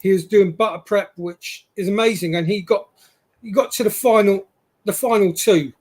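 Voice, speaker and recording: A man's voice: high-pitched, normal speed, a little mellow. A British man hosting a live online show, asking chatty questions with short, eager replies. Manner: brief backchannels, chatty questions. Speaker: host. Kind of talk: casual live-stream interview.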